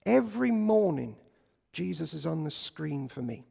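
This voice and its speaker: A man preaching a sermon, telling stories and swinging between loud bursts and hushed lines. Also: on the high side, big pitch swings, moderate pace, gravelly, husky. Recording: long hall reverb.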